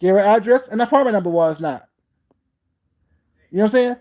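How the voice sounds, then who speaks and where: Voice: mid-range voice, animated, fairly quick, mellow. A livestream host delivering a heated, confrontational rant, repeating points and breaking off to greet viewers by name.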